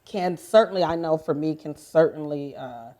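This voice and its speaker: Very low-voiced woman moderating a panel. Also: moderate pace. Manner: warmly affirming, frequent agreeing interjections. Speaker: discussion moderator.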